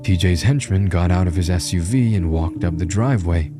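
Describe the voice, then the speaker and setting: A man's voice: low voice, a little fast, over music. A man narrating a first-person horror story in a tense, grim storytelling manner.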